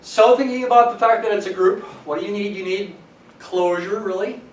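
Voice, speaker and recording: A man's voice: high-pitched, steady tone, fairly quick. A man, a math professor, giving a classroom lecture, explaining step by step and stressing key words. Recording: echoey classroom from some distance, faint hiss.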